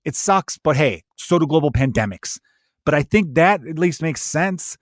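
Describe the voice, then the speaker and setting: A man's voice: fairly high pitch, expressive, normal speed, no echo. Comedian guy ranting on his podcast, swears a lot, goes off on tangents, dead dry sound. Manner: profane, ranty, digressive.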